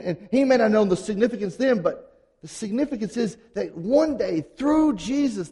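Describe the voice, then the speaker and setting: A man preaching a sermon in a conversational, animated way, acting out quotes casually. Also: high voice. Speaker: pastor. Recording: long hall reverb.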